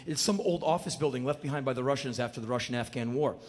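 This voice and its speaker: A man telling a comedic spoken word story on stage, punchy and animated. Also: medium pitch, fast talker. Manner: animated, punchy, bursts into shouts. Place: stage in a large hall. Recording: long hall reverb, live show.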